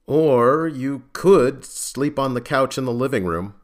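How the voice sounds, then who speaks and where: A man's voice: mid-range voice, animated, moderate pace, natural voice. A man voicing a tired male federal agent in an audiobook, speaking in a terse, clipped way.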